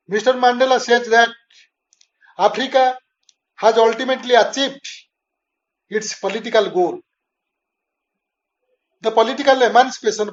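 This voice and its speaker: An older man with an Indian English accent giving a recorded literature lecture, paraphrasing lines slowly and with emphasis. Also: high voice. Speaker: English teacher. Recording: dull lo-fi audio.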